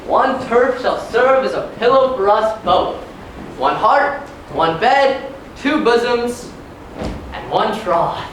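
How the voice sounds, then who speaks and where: An actor playing an ardent young nobleman declares his love in a mid-pitched, passionate voice on a theater stage. The sound is far off and echoey, with noise underneath. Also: animated, takes it slowly. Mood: wooing. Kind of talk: live stage acting.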